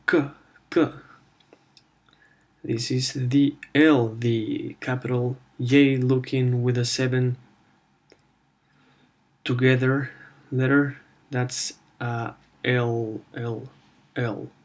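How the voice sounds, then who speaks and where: A male language teacher walks through the alphabet at an unhurried pace. His voice stays level and even as he says each letter's sound again and again so learners can follow. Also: medium pitch. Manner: slow, repeats each letter sound several times. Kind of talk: alphabet lesson.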